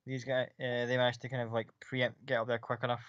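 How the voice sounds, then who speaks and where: A man's voice: medium pitch, completely flat delivery, fast talker, a bit bright, dry recording, lo-fi sound. A man running a tabletop game as game master, narrating in a loose, rambling way with casual swearing.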